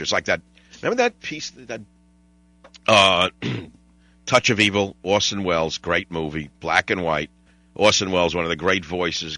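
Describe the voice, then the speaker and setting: On a studio mic with no room sound, an older man's low voice comes through pushed and bright. Hosting a talk radio show, he drifts from story to story with dry humor, mimicking voices and bantering with callers.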